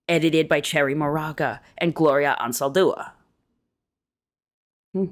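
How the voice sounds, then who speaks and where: A woman reading an essay aloud in a measured, deliberate way, slowing down to stress key words. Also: sits low. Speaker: reader of an essay.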